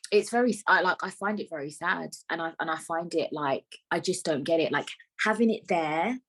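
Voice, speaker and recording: A woman's voice: medium pitch, breathy edge. A young woman hosting her own podcast, talking frankly and rambling, with plenty of swearing. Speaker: podcast host. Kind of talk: casual solo podcast monologue.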